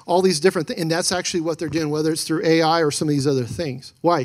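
A man's voice: fairly high pitch, fast talker, few pauses. A man delivering a sermon to his congregation, telling a testimony in a conversational way with quoted dialogue and frequent restarts, rising to emphatic peaks. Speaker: pastor.

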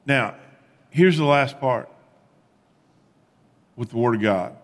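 A man preaching a sermon as pastor, animated, with rising emphatic peaks and quiet low asides. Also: slow pace, long reverb tail.

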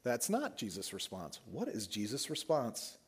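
A man preaching a sermon, telling the story with animated swings and dropping his voice soft for emphasis. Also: mid-range voice, normal speed, breathy edge. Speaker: pastor.

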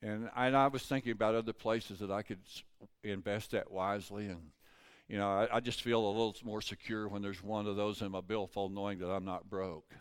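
A man's voice: lowish voice, steady tone, a little fast, smooth. An older man, a pastor, preaching a folksy, conversational storytelling sermon.

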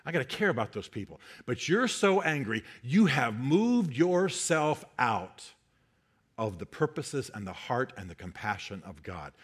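A man preaching, voicing God as a compassionate, patient speaker who talks low and soft. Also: lively intonation, moderate pace, long pauses. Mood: earnest. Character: God, gently teasing and compassionate.

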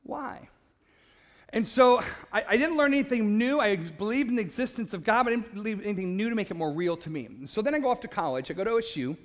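A man giving a personal faith testimony, an animated storyteller who laughs at himself and trips over repeated words, passionate and loud by his own account. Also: high voice, fast talker.

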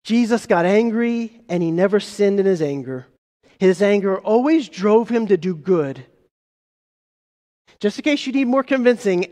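High-voiced pastor preaching in a reverberant hall. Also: male voice, expressive, warm tone. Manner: emphatic, rhetorical questions, slows for key phrases. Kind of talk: sermon. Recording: long reverb of a large hall.

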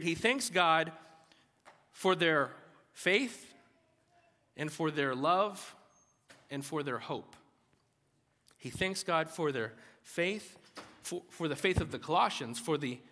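A man's voice: a little high, expressive, unhurried, pauses often, bright, forceful tone, in a large hall. Man with a light Southern accent preaching. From Alabama, US South. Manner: earnest, building emphasis with rising energy. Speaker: pastor. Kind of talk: sermon.

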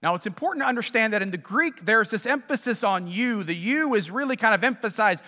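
A man preaching a sermon as pastor, animated in how he tells stories. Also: very high-pitched, moderate pace, long reverb tail.

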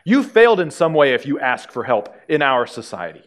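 A man's voice: medium pitch, sing-song, brisk. A male pastor preaching a sermon to a congregation in a conversational way, with dry humor.

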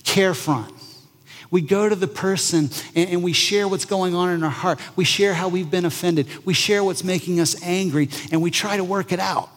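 A male pastor preaching a conversational sermon, lively and often acting out the voices he quotes. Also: high voice, normal speed, big-room sound.

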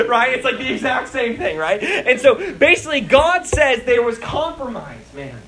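A young man preaching a lively sermon as a youth pastor, acting out prayers and voices with laughter. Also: very high-pitched, a little slow, low-quality recording.

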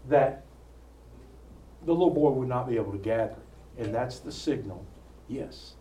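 Lively preacher in a roomy hall. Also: male voice, medium pitch, moderate pace, slight background noise. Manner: animated storytelling with asides and jokes. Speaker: preacher teaching a Bible study. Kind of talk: sermon. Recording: roomy sound from far off with faint ambience.

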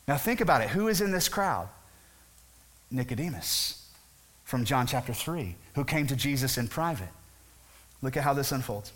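A man's voice: mid-range voice, lively intonation, normal speed, pauses often, a bit bright. A male pastor preaching a conversational sermon, briefly acting out the voices of the people in his story. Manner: conversational, acts out voices of the crowd.

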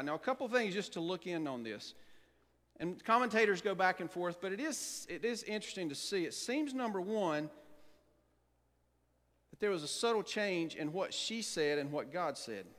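Male pastor, sermon, high-pitched, emphatic rhetorical questions, long reverb of a church hall. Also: a bit bright. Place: church sanctuary.

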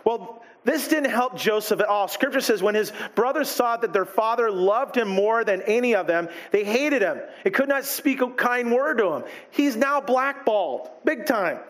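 A man preaching a sermon in an animated way, acting out the people he quotes. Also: very high-pitched, normal speed, hardly any pauses. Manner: animated, acts out quoted characters. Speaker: pastor.

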